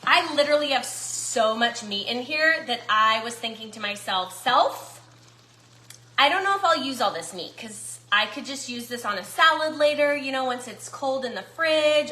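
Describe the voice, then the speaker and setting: A woman's voice: on the high side, pushed and bright, reverberant, slight background noise. A woman chatting casually to viewers while cooking in her home kitchen. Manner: chatty, folksy, talks to viewers as y'all. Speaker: cooking vlogger.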